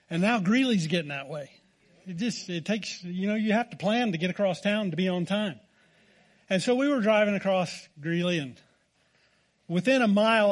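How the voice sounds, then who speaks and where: A man with an American accent preaching a sermon, telling a folksy, self-deprecating story. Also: high-pitched. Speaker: pastor.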